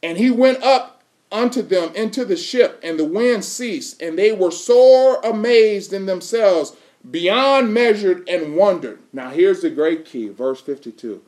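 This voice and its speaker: With a high-pitched, expressive voice that is a little slow and darkish in tone, a preacher delivers his sermon emphatically. He reads scripture in King James wording and puts fill-in questions to his congregation.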